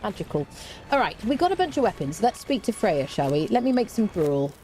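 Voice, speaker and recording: A woman's voice: medium pitch, sing-song, brisk, darkish tone, slight background noise. A woman streaming a survival game, talking casually and mocking herself, humming between remarks. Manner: chatty and self-mocking, hums to herself. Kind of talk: casual gameplay commentary.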